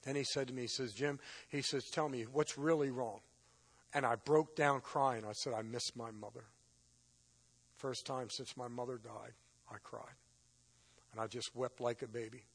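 Husky man preaching his testimony. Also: medium pitch, fairly even intonation, moderate pace. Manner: emotional storytelling, rising to loud intense peaks. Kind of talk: testimony sermon.

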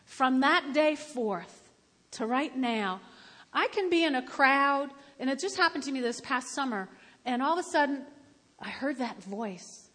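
An older woman with a high voice preaches a sermon, moving from homely storytelling to loud, emphatic appeals. Her voice rings through a big hall with a long reverb tail. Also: animated, unhurried. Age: about 70.

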